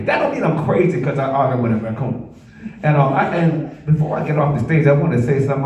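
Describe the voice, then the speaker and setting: A man's voice: medium pitch, a little mellow, recorded from a distance, lo-fi sound. A man doing a stand-up comedy set, rambling through stories and laughing at his own jokes. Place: comedy club stage. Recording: very echoey room from afar.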